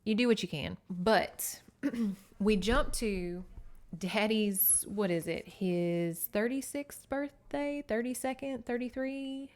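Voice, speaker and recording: A woman's voice: medium pitch, takes it slowly, darkish tone. Southern woman host, casual sardonic book recap, conversational, middle register. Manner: chatty and sarcastic, with many asides. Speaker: podcast host.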